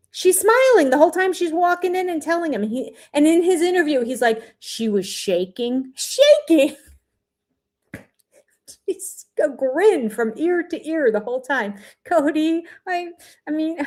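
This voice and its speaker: An older woman hosting a reaction commentary, skeptical and scoffing, laughing often, on a laptop mic. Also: on the high side. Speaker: reaction host.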